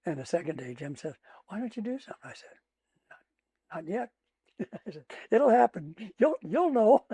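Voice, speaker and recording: An older man with a Midwestern American accent, a retired trial lawyer telling courtroom stories in a casual interview, laughing often and acting out his own shouting. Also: sits high, big pitch swings, moderate pace, husky.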